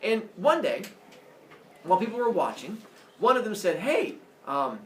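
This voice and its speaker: A young male teacher tells myths to his class with a lively, swooping voice and playful sound effects. His voice sits a bit high for a man. The classroom is echoey, with faint room noise, and the camera picks him up from afar. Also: normal speed, far from the mic. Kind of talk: animated classroom storytelling.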